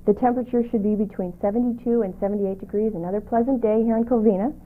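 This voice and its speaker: A woman reading the local news, weather and lottery numbers in a steady, measured way on a community cable show. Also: medium pitch. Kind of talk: read local news segment. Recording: tinny lo-fi videotape audio.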